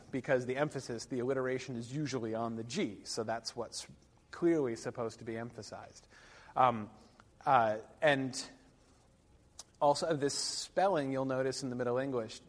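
A man lecturing a class, rambling with many fillers and wry asides. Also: medium pitch. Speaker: literature lecturer. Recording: long reverb of a lecture hall.

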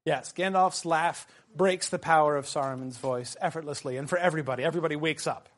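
A man teaching a literature seminar, animated and calling on students by name. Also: on the high side, fast talker. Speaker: teacher leading a literature discussion. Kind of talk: seminar discussion.

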